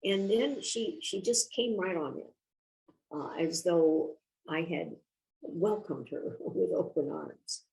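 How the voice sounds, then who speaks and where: Older female guest, gravelly tone, reflective and measured, casual conversational storytelling. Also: on the low side, darkish tone, poor audio. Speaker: guest author.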